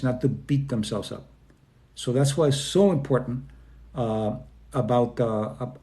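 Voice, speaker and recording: A man from Spain speaking informally about self-esteem, often acting out quoted people in quick voice changes, with plenty of fillers and restarts. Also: medium pitch, dark tone. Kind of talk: informal talk to an online audience.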